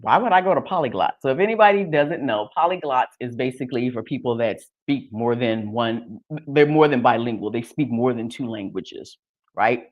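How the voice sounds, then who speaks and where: An American woman from Texas hosting a casual live stream. She talks in an animated way, with many restarts and fillers. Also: rumbling low, moderate pace, dull audio. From Texas, United States. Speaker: host.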